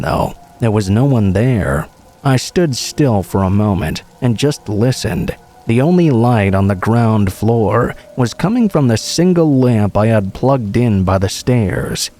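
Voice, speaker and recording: A man reading true horror stories aloud as scripted narration, in a steady, measured way. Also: mid-range voice.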